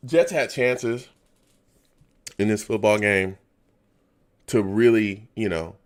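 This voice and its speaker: Exasperated low-voiced man muttering. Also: takes it slowly. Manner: repeats himself, drops to a near whisper. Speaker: host of a live fan reaction show. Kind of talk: casual live commentary.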